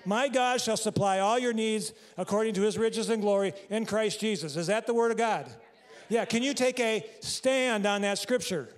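A man's voice: high-pitched, normal speed. A man preaching a sermon in a church, talking casually and quizzing the congregation. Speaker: pastor. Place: church sanctuary.

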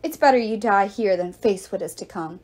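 A woman reading aloud and voicing a proud, furious female goddess of victory who threatens loudly. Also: mid-range voice, moderate pace, close to an everyday voice. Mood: furious, haughty. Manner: haughty, threatening, loud.

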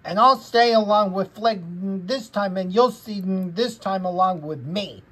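A woman's voice: mid-range voice, measured pace, a bit bright, slightly rough, voice pushed up. A woman voicing a cross cartoon boy who scolds bugs in a fan dub over film clips, bossy and repetitive with little hums between words.

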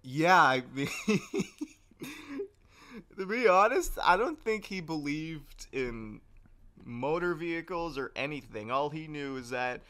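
A young man co-hosting a podcast, telling stories in casual chat, animated and laughing often as he acts out the people in them. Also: fairly high pitch, slow. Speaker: podcast co-host.

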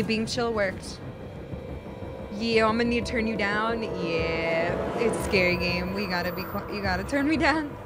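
A young woman streaming a horror game, chatting with viewers and yelping and swearing when startled. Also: a little high. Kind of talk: live gaming commentary. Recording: loud game music behind.

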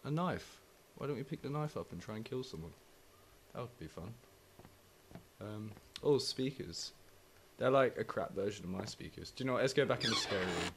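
A man's voice: fairly low pitch, animated, moderate pace, background noise. A young man swearing and wisecracking while playing a horror game at home. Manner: sweary, jumpy, wisecracking reactions. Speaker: gaming YouTuber. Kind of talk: let's play commentary. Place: home flat.

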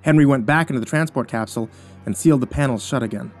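A man narrating a scripted horror story in a measured, somber way. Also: medium pitch, dry recording. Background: faint music.

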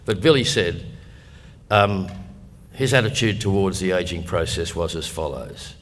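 A man's voice: deep voice, unhurried. An older Australian man giving a humorous public talk, chatty and wry, with storytelling asides. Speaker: guest speaker. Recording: long hall reverb, faint room ambience.

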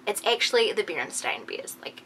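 A young woman chatting excitedly to her viewers in a casual vlog, full of "like" and quick asides. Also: medium pitch, a little hiss or hum. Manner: excitable, animated, lots of "like". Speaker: beauty vlogger.

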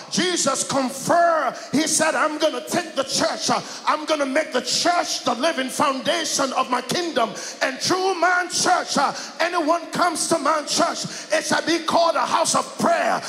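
Male pastor, high gravelly voice, shouting call-and-response sermon, long church reverb. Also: measured pace, few pauses, faint music behind. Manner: call-and-response preaching, often shouting and chanting. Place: large church sanctuary. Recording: echoey church hall.

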